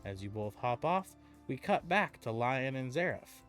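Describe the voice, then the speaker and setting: A man leads a tabletop game and narrates scenes in a mid-pitched voice. His speech is descriptive, and he corrects himself mid-sentence now and then. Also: very animated, measured pace, a bit bright, soft background music. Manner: descriptive with frequent restarts and laughter. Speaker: game master.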